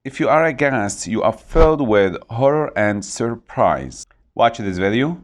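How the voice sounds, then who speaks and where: A man teaching English vocabulary, saying each word slowly and repeating it to model pronunciation. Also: mid-range voice, sing-song. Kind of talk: vocabulary lesson.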